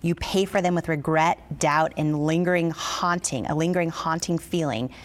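A woman's voice: deep voice, moderate pace. A woman guest-hosting an interview who asks her questions with enthusiasm and affirms what the man says. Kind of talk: conversational interview.

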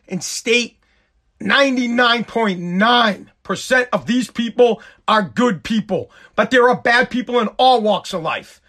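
A man hosting his own show, delivering an angry, profane rant that often rises into shouting. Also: extremely high pitch. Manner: profane, heated, shouting at times. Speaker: show host.

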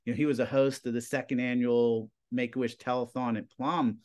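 Chatty middle-aged teacher, rambling. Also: male voice, mid-range voice, level tone, brisk, darkish tone. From Pennsylvania. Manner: rambling, filler-heavy storytelling with lots of "you know" and "like". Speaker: high school TV production teacher. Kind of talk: casual interview talk.

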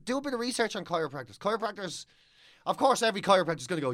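Sweary, animated Irish man scoffing. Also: high-pitched, very fast. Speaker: podcast co-host. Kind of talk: casual chat.

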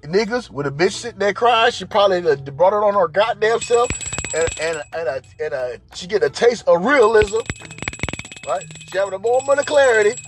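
Crude, ranting man with a lively voice. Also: sits high, moderate pace. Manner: crude, rambling, repeats "right?". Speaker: podcast host. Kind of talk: profane comedic rant.

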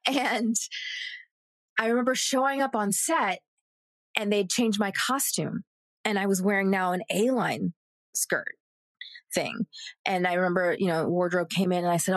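A woman's voice: normal speed, pauses often, dry recording. A woman in her thirties, an actress guest on a podcast, telling a story casually and acting out the people she quotes. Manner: animated, acts out quoted voices with big pitch jumps.

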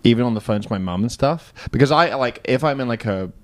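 A man's voice: medium pitch, fast. A young British man chatting casually as a podcast guest, hesitant and full of "like"s. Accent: British English. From England. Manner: relaxed, hesitant with many "like"s.

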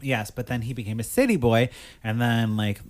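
A man's voice: mid-range voice, fairly even intonation, normal speed. A man co-hosting a casual chat, retelling a movie's plot in a rambling way with lots of fillers. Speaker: podcast co-host.

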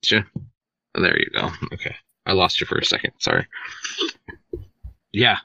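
A man hosting a casual chat, retelling myths in an animated way, swearing and laughing often. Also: low-pitched, moderate pace, creaky, breathy edge, no room sound, lo-fi sound. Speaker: podcast host, storyteller.

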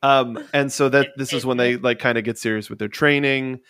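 A man's voice: medium pitch, fairly quick, clear, resonant tone, dry recording, studio quality. A man co-hosting a casual talk show, telling a story with energy and acting out quotes. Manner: animated storyteller, acts out quotes. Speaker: podcast co-host. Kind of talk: casual chat recapping an anime.

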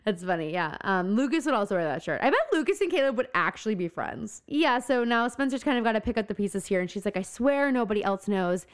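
A young woman co-hosting a podcast, retelling scenes in a lively chat and acting out the characters' lines. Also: medium pitch, quick pace, hardly any pauses, smooth. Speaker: podcast co-host. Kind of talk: casual recap chat.

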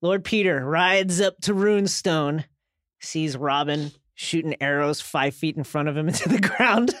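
A man's voice: a little high, measured pace, fairly bright tone, no room sound, clean studio sound. A man co-hosting a podcast, recapping an episode in a jokey, profane way and acting out quotes. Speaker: podcast co-host. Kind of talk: casual recap chat.

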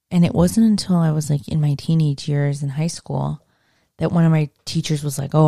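A woman's voice: low voice, creaky, dark tone, dry recording, studio quality. A young adult woman hosting a solo podcast, chatting casually and jokingly and swearing freely. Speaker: podcast host. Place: outdoors on a walk.

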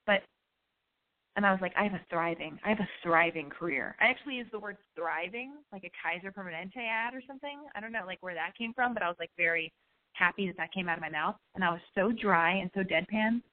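A woman's voice: on the low side, quick pace. A woman hosting her own show, telling a rambling, profane, self-mocking story in casual chat. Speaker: podcast host. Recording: tinny phone-like line.

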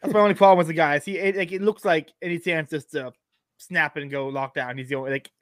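Young man with a high dry voice. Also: fairly even intonation, fast talker, a bit bright, no room sound. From Florida, US. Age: 20s. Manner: laid-back, laughs often, swears casually. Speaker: stream host. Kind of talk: casual livestream chat.

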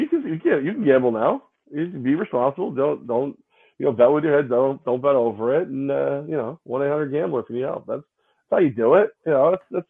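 A man's voice: mid-range voice, breathy edge. A man co-hosting a sports podcast, hungover, telling stories in a rambling way, repeating himself and mimicking other people. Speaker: podcast co-host. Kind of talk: casual sports chat. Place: separate location from co-host. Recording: tinny phone-like line.

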